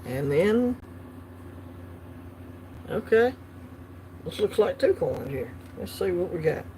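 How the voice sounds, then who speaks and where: A man's voice: high voice, sing-song, slow, dark tone, a little hiss or hum. Laid-back man unboxing. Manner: laid-back, chatty, laughs easily. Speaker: coin collecting channel host. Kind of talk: casual unboxing livestream.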